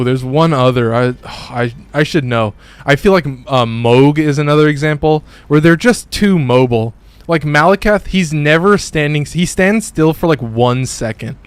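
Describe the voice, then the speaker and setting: A young man streaming a game from his bedroom, chatting with viewers and swearing at enemies mid-fight. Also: mid-range voice. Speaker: gaming streamer. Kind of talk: casual live-stream commentary. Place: home bedroom. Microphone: phone.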